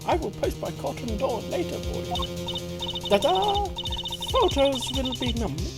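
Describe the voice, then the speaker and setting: A man's voice: extremely high pitch, sing-song, unhurried, over loud music, pitched above the performer's own voice, full character voice. A man voicing a dramatic woman witness with a put-on Russian accent and broken English. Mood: theatrical.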